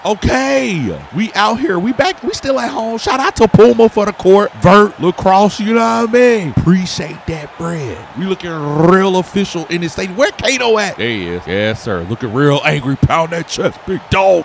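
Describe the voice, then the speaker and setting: A man doing casual, slang-heavy commentary over a basketball video game, getting loud and singing along with the plays. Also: high-pitched, very animated, moderate pace, vocal fry, few pauses, a little hiss or hum. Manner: hype, slangy, shouts and sings along with the play. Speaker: gaming YouTuber. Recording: loud game music behind the voice.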